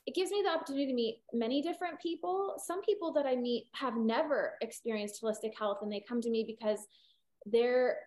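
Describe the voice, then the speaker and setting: Chatty higher-voiced woman veterinarian. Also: brisk, darkish tone, slight background noise. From California. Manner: chatty, rambling with many fillers and restarts. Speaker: holistic veterinarian guest. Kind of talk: casual interview conversation.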